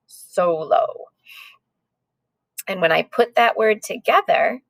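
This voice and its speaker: A woman's voice: medium pitch, creaky, fairly bright tone, no echo. A woman teaching a recorded phonics lesson to second graders, sounding out letters patiently.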